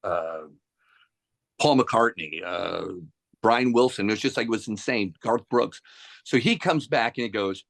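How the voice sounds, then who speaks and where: A man's voice: fairly low pitch, measured pace, creaky. A middle-aged man, a musician being interviewed, telling casual stories and acting out the people in them. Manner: animated anecdotes, acts out quoted voices. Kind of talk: casual storytelling.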